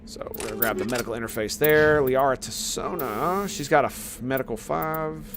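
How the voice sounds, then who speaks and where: A man's voice: medium pitch, normal speed, noisy background. A man in his thirties chatting casually and joking with viewers while playing a video game. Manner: rambling, jokey, talks to viewers. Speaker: gaming streamer. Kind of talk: casual let's-play commentary.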